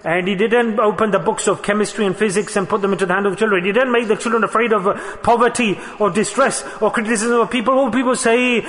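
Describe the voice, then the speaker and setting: A man's voice: high voice, brisk, few pauses, fairly bright tone. A man preaching a sermon, emphatic and repetitive, mixing Arabic and Urdu religious terms into his talk. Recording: long hall reverb.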